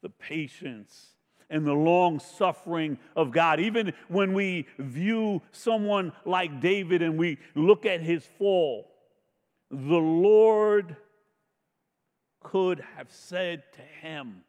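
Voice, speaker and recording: A man preaching with a fairly high voice, slow and emphatic, rising into loud questions and sinking to near whispers. His words ring out with a long reverb, as in a large church hall. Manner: slow, emphatic preaching with dramatic swells and hushed drops. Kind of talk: sermon.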